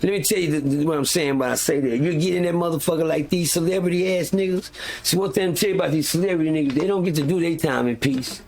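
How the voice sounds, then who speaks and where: A man hosts a live stream in a slightly high, quick, somewhat mellow voice. His rant is heated, profane and rambling, and he keeps restarting sentences and dropping in filler words.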